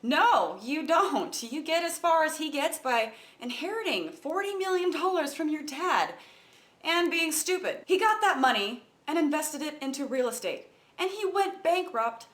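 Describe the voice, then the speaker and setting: A woman's voice: sits high, very animated, unhurried, fairly bright tone. A woman giving sarcastic political commentary, mocking what she quotes. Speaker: video commentator.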